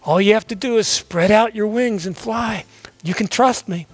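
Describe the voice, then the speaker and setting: A man's voice: sits high, moderate pace, no room sound. A man voicing a patient mother eagle who coaxes and reassures her chick. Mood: reassuring. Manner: coaxing, reassuring.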